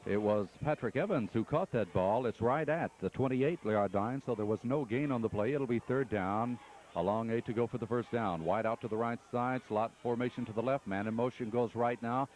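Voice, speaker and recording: A man doing radio play-by-play of a football game from the press box, calling each play briskly and steadily. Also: mid-range voice, a little mellow. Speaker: play-by-play announcer.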